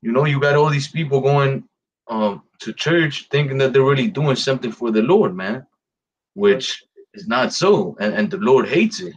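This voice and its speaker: A man's voice: medium pitch, expressive, normal speed, muffled recording. A man co-hosting a religious discussion, speaking casually with many hesitations. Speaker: co-host.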